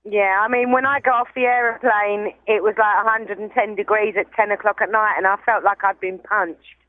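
A woman's voice: mid-range voice, fairly even intonation, brisk, dry recording. A woman in her forties with a London Cockney accent, calling in to a radio talk show with cheeky, dry jokes and frequent laughter. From England. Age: 40s. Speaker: caller. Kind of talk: call-in radio chat. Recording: muffled phone line.

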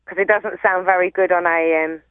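A woman's voice: lowish voice, steady tone, a little fast, no room sound. A woman with a Cockney accent calling into a radio show, chatty and giggly. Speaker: caller. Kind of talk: casual phone call. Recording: phone line.

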